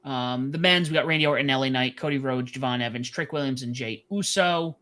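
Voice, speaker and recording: Bright, jokey man chatting. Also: mid-range voice, a little fast. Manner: relaxed, jokey, trails off with fillers. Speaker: podcast co-host. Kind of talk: casual wrestling chat on a live stream.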